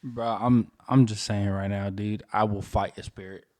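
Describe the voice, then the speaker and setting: A man's voice: fairly low pitch, steady tone, moderate pace, darkish tone, no room sound, clean studio sound. A man co-hosting a podcast, chiming in with short, joking reactions. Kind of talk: casual chat reactions.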